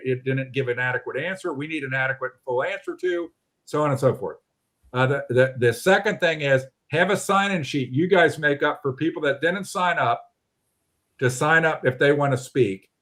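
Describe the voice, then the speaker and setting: A man hosts a casual online talk over a video call. He is blunt and animated and swears now and then. His voice sits a bit higher than most men's. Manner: blunt, animated, mildly profane. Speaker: host of a local politics livestream.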